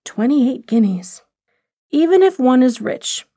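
Woman narrator doing a wealthy, impulsive young society lady in a storybook reading; eager, higher voice, dry close sound. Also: animated, slow, mellow, no room sound, exaggerated voice.

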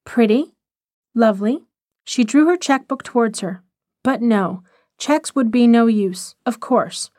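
A woman narrating a short story in a measured, expressive reading. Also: a little high, no room sound, clean studio sound.

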